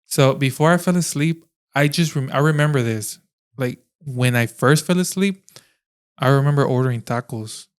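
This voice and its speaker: A young man chats on a podcast at an average pitch. He rambles through his story with fillers, restarts and a loose, casual manner. His speech sounds natural and relaxed. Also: normal speed, clean tone. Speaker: podcast host. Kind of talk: casual chat.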